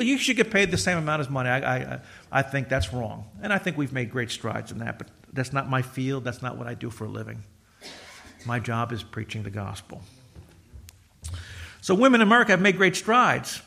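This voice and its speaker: A man's voice: medium pitch, lively intonation, fairly quick, gravelly, pushed and bright. A middle-aged male pastor preaching a sermon in a conversational, joking storytelling way, acting out quoted voices.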